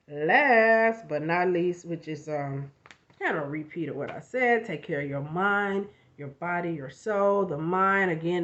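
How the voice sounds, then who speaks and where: Chatty woman on a lo-fi home recording. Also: medium pitch. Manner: chatty, animated, with frequent asides. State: recovering from covid, coughing. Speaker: self-help YouTuber. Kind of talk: casual motivational vlog.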